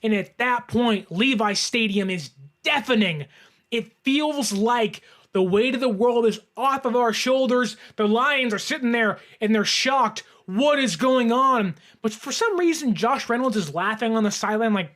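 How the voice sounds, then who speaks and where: A man hosting a sports show, giving excitable, emphatic fan reaction commentary straight to viewers. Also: very high voice, a little slow.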